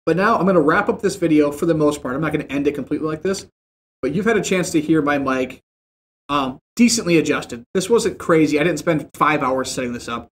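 A man's voice: fairly high pitch, a little fast, slight background noise. Chatty man explaining mic settings. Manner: chatty and informal, repeats phrases, talks straight to the viewer. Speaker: tech tutorial host. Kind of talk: casual how-to explanation. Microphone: desktop mic with processing plugins.

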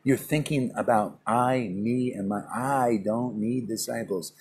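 A man's voice: medium pitch, unhurried, darkish tone, slightly rough. A man giving an informal morning spiritual class in a public place, talking in a brash, scolding way and calling his listener "man" again and again. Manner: brash, scolding, colloquial, keeps saying "man". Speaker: spiritual teacher.

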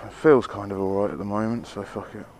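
Fast and level in tone, this man's low, darkish voice carries his casual riding commentary as he films himself on a motorbike in town. He swears and rants at the traffic to the camera, with wind and road noise throughout.

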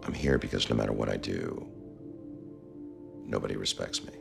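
A man's voice: sits low, animated, quick pace, over music. An actor playing a brash, anxious male lawyer who talks bluntly and emotionally. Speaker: law firm partner.

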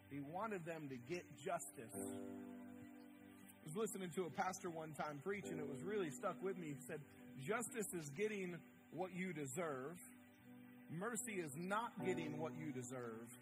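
A man preaching from a church stage with a fairly high voice that climbs even higher when he gets worked up. He acts out the figures in the story with big swings in tone. A band plays clearly behind him. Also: unhurried, long pauses, over loud music. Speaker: pastor. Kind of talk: sermon. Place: church sanctuary.

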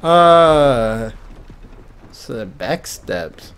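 A man's voice: medium pitch, very animated, drawn-out words, a bit bright, clear, resonant tone. A tired young man giving casual, rambling gameplay commentary. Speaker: gamer.

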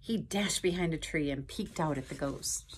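A woman's voice: low voice, normal speed, slight background noise. A woman hosting a children's story time, reading a picture book aloud with chatty asides to young viewers. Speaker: storyteller host.

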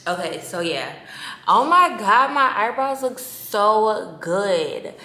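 Speaking slowly yet very animated, a woman with a medium-pitched, bright, forceful voice vlogs casually from her bedroom. This lifestyle vlogger is chatty and slangy, swears freely, and holds her phone camera in hand, with the echoey room carrying faint background noise.

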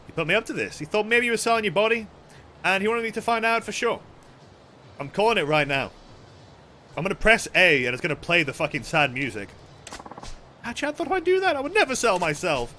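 A man's voice: high voice, sing-song, fast, sharp tone, a little hiss or hum. A young man streaming a video game, swearing a lot, joking and reading the dialogue aloud. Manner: sweary, playful, reads game text aloud. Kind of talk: let's play commentary.

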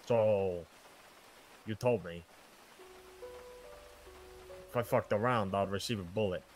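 A man voicing a contrite gang underling in a game roleplay, speaking quietly and hesitantly. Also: lowish voice, takes it slowly, soft background music. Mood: resigned. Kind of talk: gangster roleplay.

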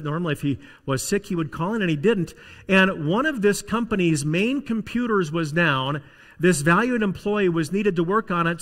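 A male pastor preaching a sermon in a church, telling stories in a lively, conversational way. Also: sits high. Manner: animated, conversational storytelling. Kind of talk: sermon with storytelling. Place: church sanctuary. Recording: reverberant church hall.

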